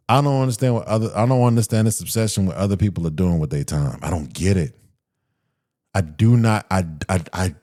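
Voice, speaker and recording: A man's voice: mid-range voice, darkish tone. A man hosting a solo podcast, ranting with profanity and mocking quoted voices. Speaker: podcast host.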